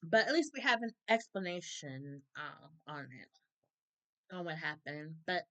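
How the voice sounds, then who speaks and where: A woman reviews a soap opera in a casual, opinionated episode recap, chatting freely, laughing often and acting out characters' lines. Her low-pitched voice is expressive and a bit bright, at a measured pace. The recording is low quality.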